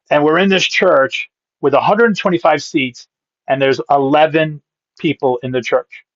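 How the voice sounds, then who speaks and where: A man in his fifties, a pastor and comedian, telling a comic story as a podcast guest with punchy delivery and quick asides. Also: medium pitch, dry recording. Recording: dull, dry lo-fi sound.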